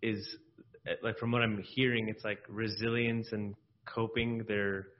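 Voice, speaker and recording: A man's voice: fairly low pitch, level tone, a little slow, highs cut off. A man in a group session speaking earnestly and at length, full of fillers and restarts. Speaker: group participant. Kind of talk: group discussion.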